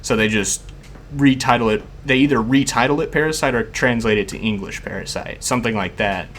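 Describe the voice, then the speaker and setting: A man's voice: mid-range voice, brisk, fairly bright tone, a little hiss or hum. A man hosting a podcast in casual chat, chatty, laughing often and filling with "like". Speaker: podcast host.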